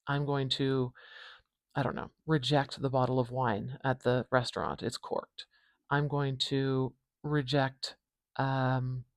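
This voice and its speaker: A Canadian woman with an Atlantic Canadian accent, hosting a casual phonetics tutorial and repeating sounds slowly for the viewer. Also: very deep voice, no room sound, clean studio sound. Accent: Atlantic Canadian English. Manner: chatty, demonstrates sounds slowly and repeats them. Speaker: phonetics teacher, channel host. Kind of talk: casual tutorial, writing while talking.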